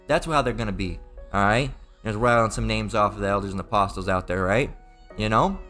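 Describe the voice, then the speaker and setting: Man, low voice, informal sermon, rambling, profane, emphatic, faint background music. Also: fairly quick, a bit bright. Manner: rambling, profane, emphatic, repeats filler tags. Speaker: preacher.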